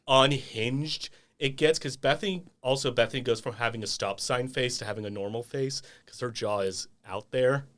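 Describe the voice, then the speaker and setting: A young man chatting on a casual podcast, acting out the people he describes as he retells their stories. His pitch sits in an ordinary middle range. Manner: animated storytelling with quoted voices. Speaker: podcast guest.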